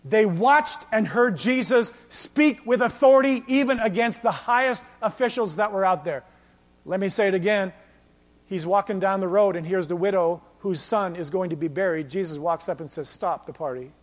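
A male pastor delivers a sermon in an animated storytelling style and voices the people in his stories. His voice sits high for a man. The sound carries the long reverb of a church hall. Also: normal speed. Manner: animated storytelling, acting out quoted lines.

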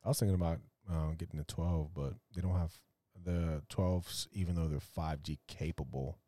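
Man, podcast co-host, very low voice, dark tone, agreeable short replies, dry mic. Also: steady tone, moderate pace, dry recording. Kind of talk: casual chat.

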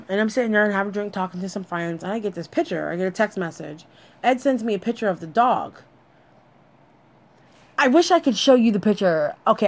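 A young adult woman telling a personal story with lots of swearing, addressing her listeners directly. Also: mid-range voice.

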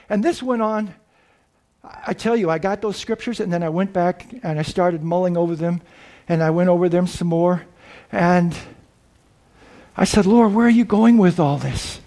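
A man preaching a sermon, earnest and reflective, pausing and restarting as he explains. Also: high-pitched, steady tone, a little mellow.

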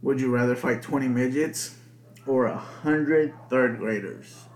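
A man's voice: mid-range voice, unhurried. A young man hosting a podcast alone, rambling casually with lots of swearing and filler words. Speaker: podcast host. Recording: echoey room.

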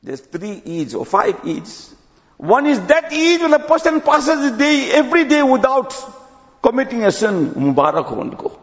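A man giving a sermon as an imam, telling stories and dropping to low quiet tones at phrase ends. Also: very animated, moderate pace, in a large hall, lo-fi sound.

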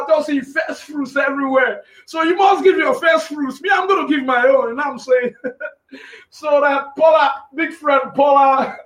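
Excitable high-voiced male preacher, echoey. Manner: excitable, repeats himself, frequent "you know what I'm saying". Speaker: online preacher hosting a live stream. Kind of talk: live-streamed preaching and casual talk. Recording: echoey room sound.

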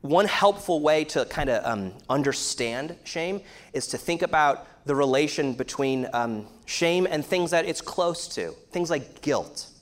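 A man's voice: on the high side, animated, a little slow. A man in his thirties giving an earnest, explanatory sermon-style talk, with many fillers. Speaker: speaker teaching on shame.

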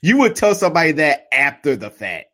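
Excitable trash-talking male game commentator. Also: fairly high pitch, brisk. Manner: swings between muttered asides and loud outbursts. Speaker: live sports commentator and streamer. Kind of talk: casual live football commentary.

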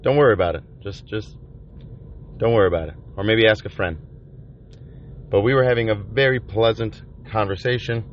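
A man vlogging from inside a van by the ocean, rambling in a profane, halting confessional monologue full of restarts. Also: on the low side, a little hiss or hum. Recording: dull lo-fi recording.

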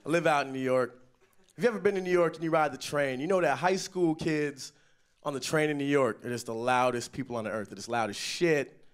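On a festival stage, a young man with a slightly high voice performs a stand-up comedy set. He tells stories with animated delivery, breaking into sudden loud, yelled impressions.

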